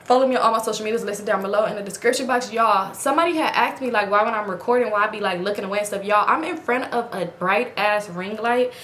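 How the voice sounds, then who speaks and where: A woman's voice: mid-range voice, fast talker, few pauses, roomy sound, slight background noise. A woman vlogger at home, casually telling a story to her viewers and acting out the quoted lines in a raised voice. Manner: animated, acts out quoted dialogue in raised voice. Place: home at night in front of a ring light.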